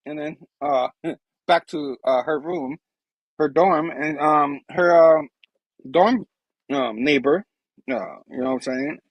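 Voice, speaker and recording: A man's voice: on the high side, takes it slowly, long pauses, dry recording, highs cut off. A man hosting a show, casually retelling a comic book with laughs and rambling asides. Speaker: host.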